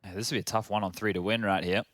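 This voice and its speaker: A man giving chatty, energetic live play-by-play commentary on an esports match with banter. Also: on the low side, racing, no echo, studio quality.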